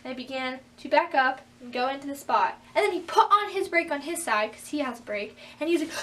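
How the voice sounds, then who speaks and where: A teenage girl telling a story in a casual vlog, animated and acting out what people said. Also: fast, hardly any pauses, recorded from a distance, slight background noise. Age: teens. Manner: animated, acts out quotes with big pitch jumps. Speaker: vlogger.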